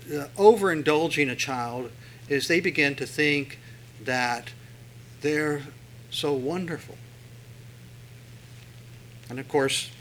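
A male preacher retelling a scripture story in a relaxed, conversational sermon full of fillers. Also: a little high, slight background noise, low-quality recording.

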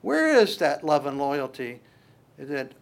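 A man preaching a sermon, animated and repetitive, stumbling through restarts and acting out voices from the text before closing in prayer. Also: fairly high pitch, takes it slowly, creaky. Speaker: pastor.

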